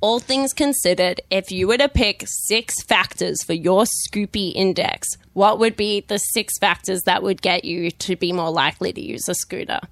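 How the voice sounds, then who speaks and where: A woman's voice: medium pitch, normal speed, hardly any pauses, no room sound. A woman co-hosting a casual radio chat, explaining things in a wry, offhand way and swearing casually. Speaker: radio co-host.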